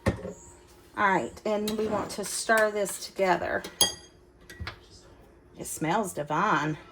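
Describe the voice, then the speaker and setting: A woman's voice: medium pitch, slow pace, background noise. A woman hosting a casual cooking demonstration in her home kitchen, chatty and folksy, talking straight to her viewers. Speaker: cooking channel host. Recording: kitchen clatter of dishes and utensils.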